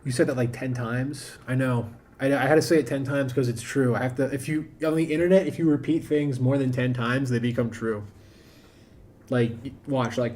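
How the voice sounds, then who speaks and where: A man's voice: medium pitch, fairly even intonation, moderate pace, a little mellow. A man streaming a game, chatting casually and thinking aloud, often restarting his sentences. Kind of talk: casual live-stream chat.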